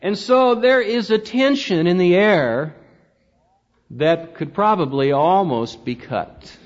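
A man's voice: high voice, lively intonation, slow. A man preaching a sermon as pastor, reading scripture aloud and swinging widely in emphasis. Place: church sanctuary. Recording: dull, lo-fi sound with long church reverb.

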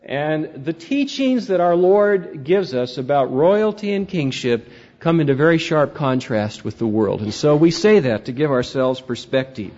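A man's voice: on the high side, animated, a little slow, a little mellow. A man preaching a sermon as pastor, reading scripture aloud and swinging widely in emphasis. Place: church sanctuary. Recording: dull, lo-fi sound with long church reverb.

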